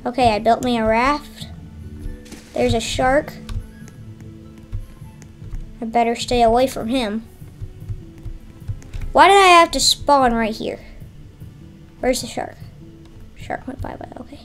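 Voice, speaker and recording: A woman's voice: fairly high pitch, slow, long pauses, fairly bright tone, soft background music. A woman giving casual, chatty commentary on her own gameplay, talking to herself and yelping when surprised. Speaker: gameplay streamer.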